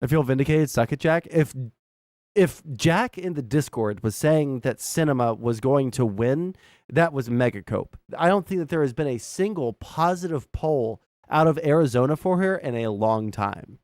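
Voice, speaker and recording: A man's voice: mid-range voice, lively intonation, moderate pace, darkish tone, no room sound, studio quality. A man streaming casual political commentary, swearing and rambling off the cuff.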